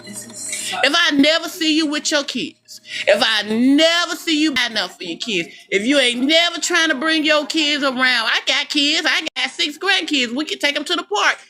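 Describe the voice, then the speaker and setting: A woman's voice: sits high, animated, normal speed, pushed and bright, soft background music. A middle-aged woman delivering a blunt, profane personal rant straight to the listener, calling them baby and boo. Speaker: vlogger.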